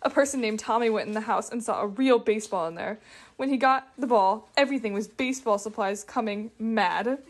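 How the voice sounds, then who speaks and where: A woman's voice: on the high side, a little fast. A woman reading a silly made-up story aloud, giggling as she goes. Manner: giggling through her reading.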